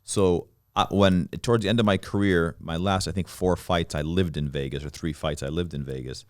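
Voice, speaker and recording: A middle-aged man hosting a podcast, telling a casual anecdote with animated energy and frequent laughter. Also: low voice, normal speed, no echo, clean studio sound. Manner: animated, laughs through his own anecdotes. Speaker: podcast host. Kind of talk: casual storytelling chat.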